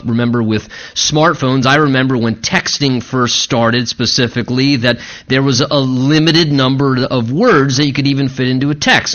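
A middle-aged man preaching a sermon as pastor in a church, earnest, his voice rising in pitch when he stresses a point. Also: fairly bright tone, dull audio.

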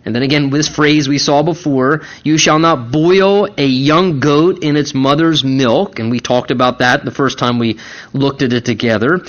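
A man's voice: medium pitch, steady tone, moderate pace, lo-fi sound. A man preaching a sermon in a conversational, emphatic way, repeating key words for stress. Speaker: pastor.

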